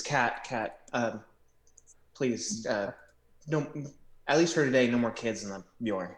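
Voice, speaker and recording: A man playing a tabletop game, speaking hesitantly in character. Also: lowish voice. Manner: hesitant, halting. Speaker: player. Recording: roomy echo.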